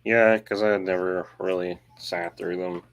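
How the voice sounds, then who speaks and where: A man co-hosting a casual chat, low-key and easygoing, mostly giving short replies. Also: steady tone, normal speed, dull audio. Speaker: podcast co-host.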